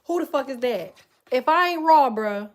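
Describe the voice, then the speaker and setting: Loud, profane woman reading tarot. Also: high voice, normal speed. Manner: loud, animated, profane slang-heavy talk. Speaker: tarot reader. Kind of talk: casual tarot reading livestream.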